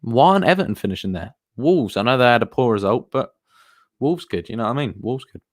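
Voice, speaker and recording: A man's voice: mid-range voice, animated, fast, dry recording, studio quality. A man chatting casually on a live stream as a football streamer, rambling and answering viewers. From England.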